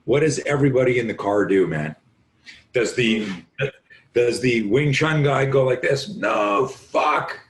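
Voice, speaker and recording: A man with a raw, hoarse voice tells a story as a podcast guest. He talks vividly and curses freely, and he jumps into the voices of the people in his story. The sound is roomy and echoey. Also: mid-range voice, animated, moderate pace, a little hiss or hum. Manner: vivid, profane, acts out quoted voices. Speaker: self-defense instructor, podcast guest. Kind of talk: animated storytelling in conversation.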